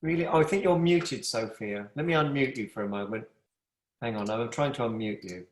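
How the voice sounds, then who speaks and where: A man's voice: mid-range voice, brisk, echoey room. Chatty man teaching yoga online. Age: middle-aged. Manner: chatty, affectionate, rambling. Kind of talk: live online yoga class. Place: room at home with a wood stove. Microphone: video call.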